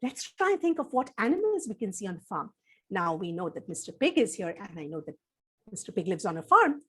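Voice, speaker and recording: A woman telling a story to children in an animated, sing-song way, coaxing them to join in. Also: medium pitch, fairly quick, slightly rough.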